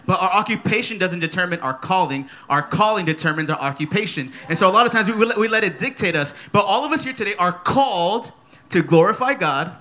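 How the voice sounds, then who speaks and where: Thirtysomething guy preaching at church, high voice, bright tone, playful, keeps repeating his main points. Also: quick pace. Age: 30s. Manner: energetic, playful, repeats key phrases. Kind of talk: sermon. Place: church service.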